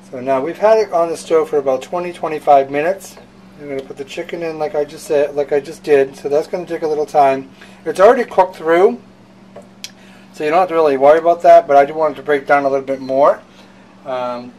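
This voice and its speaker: A man's voice: fairly high pitch, a little mellow, distant mic, slight background noise, poor audio. A man hosting a home cooking show, talking casually with fillers and restarts.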